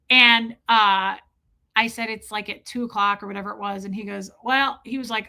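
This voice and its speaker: A woman's voice: a little high, normal speed, sharp tone. A woman, telling a personal story to her viewers in a chatty, emotional way, full of "like". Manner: chatty, heavy use of "like", emotional. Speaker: vlogger.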